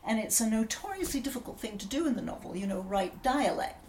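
A woman's voice: fairly high pitch, expressive, a little fast, a little mellow, a little hiss or hum. Enthusiastic woman interviewer in a roomy space. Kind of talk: interview questions.

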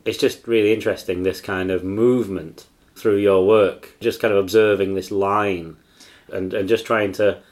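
A man's voice: on the low side, steady tone, normal speed, darkish tone. A man interviewing an author, asking meandering questions padded with "kind of". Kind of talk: interview conversation.

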